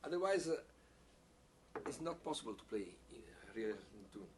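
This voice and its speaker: A man teaching a piccolo masterclass, speaking haltingly, repeating words and using non-native phrasing, with frequent small laughs. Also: fairly low pitch, lively intonation. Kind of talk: masterclass teaching, answering questions. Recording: distant mic with faint background hiss.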